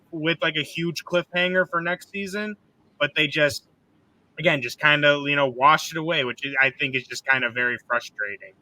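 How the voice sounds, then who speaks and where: A man with a slightly high, bright voice speaks forcefully over poor-quality audio. He's hosting a casual podcast chat, rambling and frank, saying "like" constantly and swearing freely.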